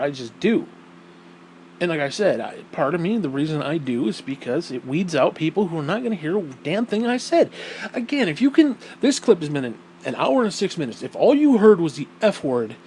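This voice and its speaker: A man's voice: on the high side, a little hiss or hum, poor audio. Profane, emphatic man ranting. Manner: blunt and profane, emphatic swearing; animated, voice rising when indignant. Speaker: podcast host. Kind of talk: casual opinion monologue.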